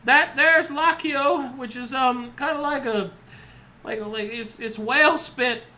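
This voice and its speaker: A game master voicing a cheery, chatty male bard who wears a beast costume, rambling excitedly. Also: high voice, unhurried, pitched above the performer's own voice. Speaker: street bard and drug peddler.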